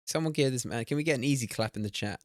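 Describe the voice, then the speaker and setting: A man in his twenties streaming casually, excitable, swearing and chatting to his viewers. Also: mid-range voice, racing, no echo, studio quality. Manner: excitable, swears and laughs often, talks to chat. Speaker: streamer hosting a watch party. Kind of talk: casual live-stream chat while playing a guessing game.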